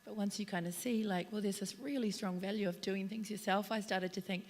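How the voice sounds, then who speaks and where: A woman speaking on a conference panel about relocation and onboarding, enthusiastic and chatty, her voice slightly squeaky. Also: fairly even intonation, brisk, darkish tone. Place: conference stage.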